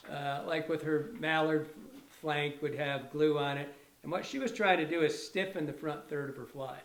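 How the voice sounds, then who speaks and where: The voice is on the high side and the sound roomy: a middle-aged fly tier instructing at a fly shop tying bench. He demonstrates casually, rambling with enthusiasm, self-correcting and restarting his sentences.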